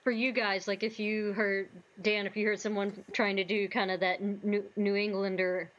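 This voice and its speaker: A woman co-hosting a relaxed podcast chat. She explains things at length, with plenty of fillers along the way. Her recording sounds slightly dull and lo-fi. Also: mid-range voice, normal speed. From US South. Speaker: podcast co-host. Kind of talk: casual chat.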